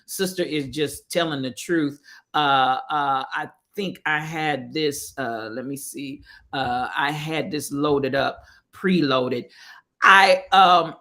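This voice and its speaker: Host, casual motivational talk, conversational, halting, mid pitch. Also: sharp tone. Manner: conversational, halting, with fillers and restarts. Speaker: online show host.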